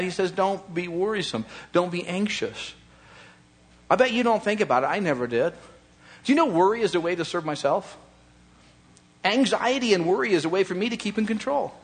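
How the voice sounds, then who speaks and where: A man preaching a conversational sermon, acting out imagined prayers and excuses, shifting between soft low murmurs and raised emphatic phrases. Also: breathy edge. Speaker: pastor.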